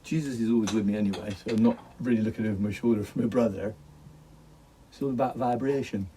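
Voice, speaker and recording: A man's voice: lowish voice, fairly even intonation, fast talker, warm tone, far from the mic, slight background noise, low-quality recording. A middle-aged man vlogging from his garden, rambling in a jokey way and laughing often. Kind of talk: rambling casual monologue.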